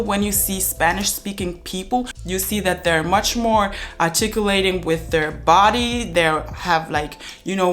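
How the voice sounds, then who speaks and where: A young woman talking casually to camera as a language-learning vlogger, chatty and thinking aloud with fillers and restarts. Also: mid-range voice. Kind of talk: casual explanatory talk to camera.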